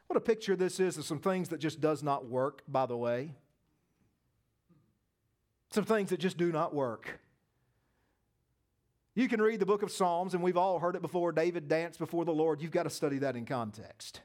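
A man preaching a sermon, emphatic, with loud peaks, quiet asides and folksy humor. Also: a little high, normal speed, pauses often.

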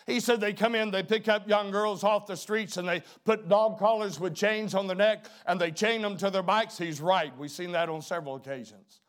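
A middle-aged male preacher with a notably high voice delivers a sermon. His speech swings from hushed, low-key emphasis to loud, emphatic preaching. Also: moderate pace, hardly any pauses.

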